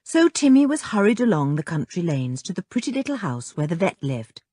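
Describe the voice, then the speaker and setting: A woman reading a children's novel aloud as an audiobook narrator, with expressive storytelling. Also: fairly low pitch, brisk, no echo.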